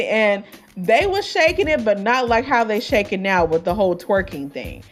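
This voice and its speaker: A woman's voice: medium pitch, big pitch swings, normal speed, faint music behind. A woman hosting a podcast, reviewing an album in loose casual chat, full of fillers and asides. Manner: chatty, many fillers and asides, laughs at her own jokes. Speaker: podcast host.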